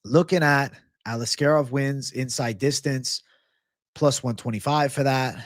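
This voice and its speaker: With a medium pitch and measured pace, a man hosts a betting-picks live stream, chatting casually, swearing often, and hyping his reactions to the chat. The audio is dry and studio quality.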